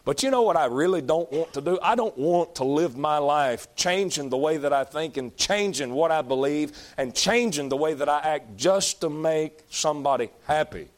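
A middle-aged man, a pastor, preaching a sermon earnestly, often repeating phrases and praying aloud. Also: fairly high pitch.

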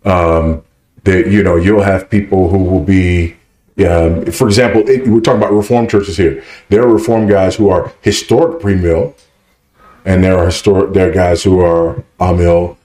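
A man's voice: low-pitched, fairly even intonation, moderate pace, mellow. A man speaking at a conference Q&A, teaching emphatically and often checking with "right?". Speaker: conference speaker answering questions. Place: conference hall. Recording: echoey hall.

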